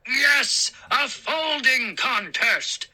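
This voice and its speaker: A woman voicing small, gleeful, mischievous gnomes with shrill, sneering, giggly voices. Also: lively intonation, extremely slow, bright, forceful tone, heavily acted.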